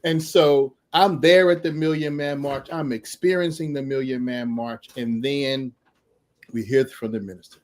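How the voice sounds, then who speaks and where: A middle-aged man telling a lively personal story as a podcast guest, laughing often and acting out the people in it. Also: mid-range voice, normal speed. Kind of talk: animated storytelling.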